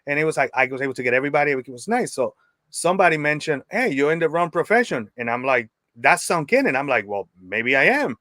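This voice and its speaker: A man's voice: on the high side, sing-song, quick pace, pushed and bright, no echo. A man from New York, a wrestling photographer, talking easily as a podcast guest. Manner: easygoing, rambling with fillers. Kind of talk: casual interview chat.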